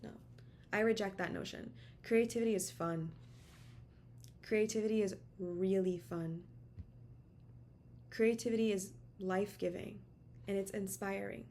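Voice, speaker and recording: This tarot reader's voice is medium in pitch, fairly even, a little slow and a little mellow, with frequent pauses. She gives a casual channeled message from her home office via camera mic, chatty and encouraging, repeating words for emphasis.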